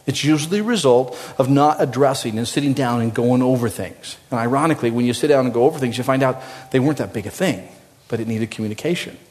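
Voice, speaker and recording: A male pastor preaching a sermon in an animated, conversational way, swinging from loud, high emphasis to low, quiet asides. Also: fast talker. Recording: long reverb of a large hall.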